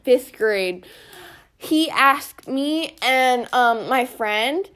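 A young woman co-hosting a podcast, telling a story in an animated, giggly way and acting out the quotes, talking close into a phone. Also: high-pitched, very slow, clean tone. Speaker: podcast co-host. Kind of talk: casual storytelling chat. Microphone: phone held close.

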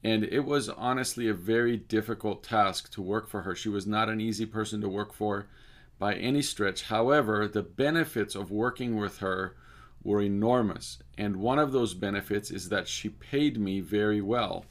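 A Cypriot man, a speaker and author, recounts a personal story at a measured, deliberate pace, lingering over the details. His voice sits on the low side.

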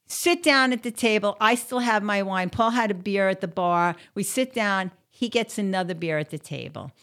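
A woman's voice: medium pitch, normal speed, fairly bright tone. A woman telling a casual story to the camera, chatty and blunt, with plenty of swearing and filler words.

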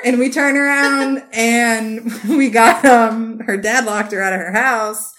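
A young woman co-hosting a casual chat, telling animated stories and acting out quotes with laughter. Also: a little high, normal speed, hardly any pauses. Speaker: podcast co-host.

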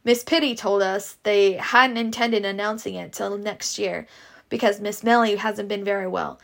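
A woman's voice: mid-range voice, steady tone, normal speed, creaky, close to an everyday voice. A woman reading a story aloud and voicing eager young male twin suitors in a boyish, pleading manner.

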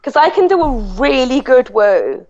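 A woman's voice: sits high, big pitch swings, normal speed, darkish tone, lo-fi sound. A woman speaking bluntly as a guest in a casual interview, swearing freely, over a call. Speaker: guest blogger.

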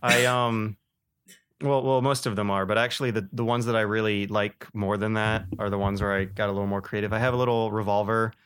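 A man co-hosting a casual games podcast, telling stories with lively bursts of excitement and frequent laughter. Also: fairly low pitch, fast, few pauses, smooth. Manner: animated storyteller, laughs often. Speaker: podcast co-host. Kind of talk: casual chat about games.

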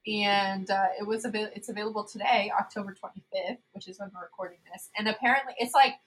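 A woman's voice: medium pitch, fairly even intonation, quick pace, poor audio. A young adult woman co-hosting a podcast in casual chat, bubbly, laughing often and using many fillers. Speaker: podcast co-host.

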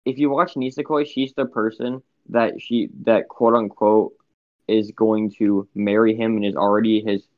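A man's voice: fairly low pitch, level tone, moderate pace, dry recording, lo-fi sound. A young man in a casual group chat, opinionated and insistent, often cutting in to make his point.

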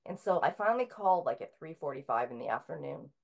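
A middle-aged woman with a fairly low voice talks as a guest in a relaxed interview. She tells her story in a loose, conversational way, often pausing on filler sounds and restarting her sentences. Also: creaky.

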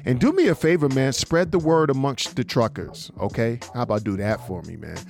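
A man hosting an internet radio show, reading listener messages aloud in a loose, slangy, animated way. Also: medium pitch, a little fast, gravelly, soft background music. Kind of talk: casual radio show banter.

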